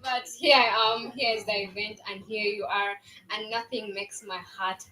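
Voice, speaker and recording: A woman's voice: medium pitch, fairly even intonation, moderate pace, pushed and bright. A woman in her twenties, a new business founder, giving an earnest launch event speech with frequent fillers and restarts. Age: 20s. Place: event venue. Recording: roomy venue with music and crowd behind.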